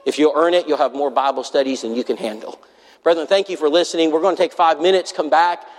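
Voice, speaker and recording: A man preaches to a congregation, telling a personal story with earnest feeling. His voice sits a touch high for a man. The sound rings with the long reverb of a large church hall. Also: fast talker. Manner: earnest, acts out quoted voices. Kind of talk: sermon storytelling.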